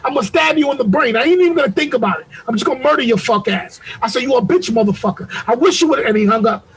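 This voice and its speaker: A man's voice: extremely high pitch, creaky, slightly rough, low-quality recording. A man on a video call recounting a story in a profane, heated way, acting out what people said. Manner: profane, heated retelling with acted-out quotes. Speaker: podcast co-host. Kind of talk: animated storytelling.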